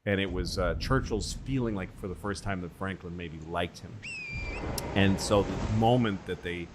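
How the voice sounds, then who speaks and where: A man hosting a comedy podcast, telling stories in a rambling, animated, profane way. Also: deep voice, moderate pace. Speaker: podcast host. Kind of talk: casual comedy podcast storytelling. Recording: noisy podcast recording.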